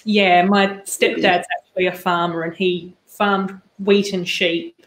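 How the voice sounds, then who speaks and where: A woman's voice: fairly low pitch, flat delivery, a little slow, echoey room, rough recording. An Australian woman who is a guest on a casual livestream, easygoing and explaining local slang. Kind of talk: casual chat.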